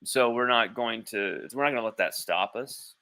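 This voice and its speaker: A man's voice: mid-range voice, normal speed, creaky, pushed and bright, slight background noise. A man hosting a sports livestream from home, talking casually in a rambling, blunt way with easy swearing. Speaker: sports podcast host. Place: at home with his child nearby.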